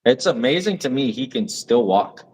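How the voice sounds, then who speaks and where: A man's voice: mid-range voice, big pitch swings, moderate pace, background noise. A young man co-hosting a podcast in casual chat, talking eagerly with lots of fillers. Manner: enthusiastic, rambling with fillers. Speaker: podcast co-host.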